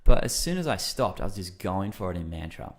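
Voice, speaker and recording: A man's voice: deep voice, fairly quick. A man guesting on a podcast, telling stories in a loose, rambling way with lots of fillers, and acting out his own reactions. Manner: lively storyteller who acts out his own reactions. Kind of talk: casual conversational storytelling.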